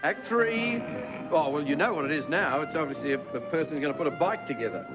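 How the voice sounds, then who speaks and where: A man's voice: on the high side, expressive, quick pace, rough recording. A man with an Australian accent hosting a live variety show, joking and laughing often between acts. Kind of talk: live studio banter. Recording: TV studio audience, loud music. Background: studio audience and band music.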